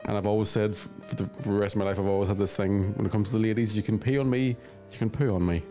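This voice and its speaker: Low-voiced Northern Irish comedian man. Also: rapid-fire, soft background music. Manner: bawdy, self-mocking, deadpan punchlines. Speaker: comedian guest. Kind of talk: casual podcast chat, crude storytelling.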